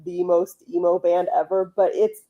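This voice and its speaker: Blunt, joking woman with a mellow voice. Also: on the low side, little pitch movement, moderate pace, dull audio. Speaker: host. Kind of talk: casual livestream chat.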